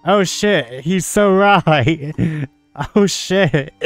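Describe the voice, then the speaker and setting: A man's voice: on the high side, drawn-out words, dry recording, faint music behind. A man playing a story game and chatting about it, laughing often and making playful asides. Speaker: game streamer. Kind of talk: let's play commentary.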